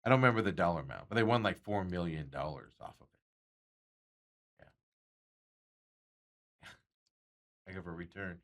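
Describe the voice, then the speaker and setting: A low-sitting, animated male voice, somewhat bright, moves at a moderate pace with frequent pauses. He's hosting a sports talk show, chatting loosely about betting, reading viewer comments aloud and chuckling a lot as he rambles.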